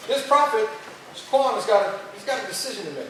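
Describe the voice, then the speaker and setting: High-voiced casual camp preacher. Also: male voice, expressive, fast talker, fairly bright tone, slight background noise. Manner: slangy, chatty, acts out characters. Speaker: youth camp speaker. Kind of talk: casual storytelling sermon. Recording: echoey hall, far from mic.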